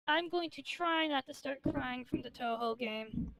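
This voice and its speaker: High, gravelly-voiced woman streamer rambling manically. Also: unhurried, a bit bright, dry recording, rough recording. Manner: manic, rambling and jokey, swearing. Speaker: VTuber streamer. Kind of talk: casual gaming stream chat.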